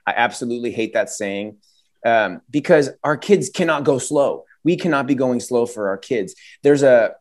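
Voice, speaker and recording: A man answering interview questions as an educator guest, energetic and telling stories with vivid, punchy phrasing. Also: medium pitch. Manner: energetic storyteller, acts out quoted voices.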